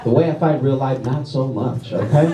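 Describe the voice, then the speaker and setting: A man's voice: mid-range voice, moderate pace. A man from Louisiana doing a stand-up comedy set, self-deprecating, tagging his lines with "all right?" and "okay?". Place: comedy club stage before a laughing audience. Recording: roomy, distant club recording with crowd.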